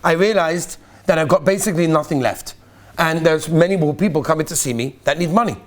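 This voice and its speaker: Man doing a calm old Rebbe, lower and softer, patient explaining. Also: a little fast, close to an everyday voice. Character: wise, gentle elderly Hasidic Rebbe explaining kindly.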